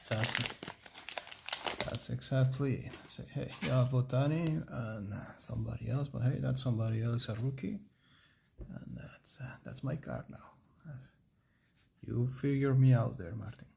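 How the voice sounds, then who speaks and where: Gravelly-voiced man streaming a card break. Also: medium pitch, measured pace, warm tone, slight background noise. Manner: chatty, rambling, reading off player names.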